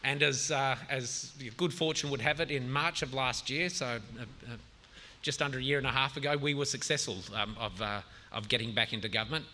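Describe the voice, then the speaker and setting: A man's voice: medium pitch, fairly quick, background noise. A man in his forties with an Australian accent, a government minister speaking earnestly on a forum panel and explaining policy with frequent restarts. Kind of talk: public forum talk. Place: outdoor festival forum.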